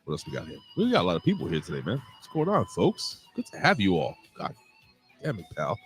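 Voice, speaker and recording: A man's voice: mid-range voice, huge pitch swings, quick pace, soft background music. A man co-hosting a live wrestling podcast, rambling, joking and swearing freely in casual chat.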